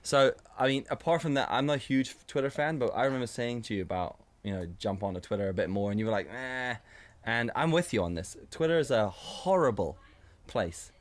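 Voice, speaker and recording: A man's voice: mid-range voice, a little fast. A man co-hosting a casual podcast chat, swearing freely and acting out little scenes as he talks. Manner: swearing, animated storytelling with acted-out voices. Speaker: podcast co-host.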